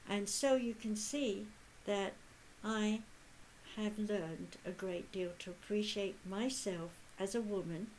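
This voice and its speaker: A woman in her eighties speaking as a spiritual medium in a channeled talk. She is earnest and measured, with long pauses. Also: medium pitch, darkish tone, a little hiss or hum, low-quality recording. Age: 80s.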